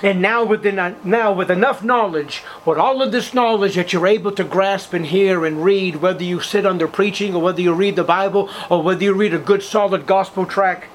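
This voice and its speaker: An older man preaching a sermon at a church service, fervent, swinging between loud outbursts and hushed passages. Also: high voice, fairly even intonation, fairly quick, hardly any pauses, slight background noise, rough recording.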